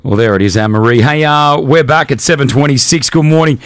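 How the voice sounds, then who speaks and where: A man's voice: mid-range voice, quick pace. A man hosting a radio breakfast show, chatting in a playful, jokey way. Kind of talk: casual radio banter. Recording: music bed playing behind.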